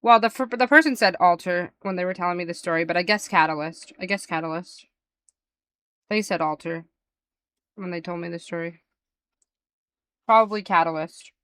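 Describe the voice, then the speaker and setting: Bright, crisp-voiced woman streamer chatting. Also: lowish voice, a little fast, no room sound. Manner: animated gossipy storytelling, addressing chat. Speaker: live streamer. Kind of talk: casual chat with viewers.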